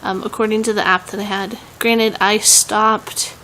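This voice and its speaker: A woman's voice: mid-range voice, level tone, measured pace, pushed and bright, a little hiss or hum, rough recording. A young woman with a Southern US accent, chatting casually in a home vlog, rambling with many "um"s and laughs. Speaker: vlogger.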